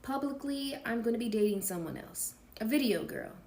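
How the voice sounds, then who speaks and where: A woman's voice: on the high side, lively intonation, a little fast, roomy sound, voice pushed up. A defensive, controlling man on the phone, read by a woman. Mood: guarded. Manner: pleading and defensive, flaring into shouting. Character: volatile controlling man on the phone, self-pitying.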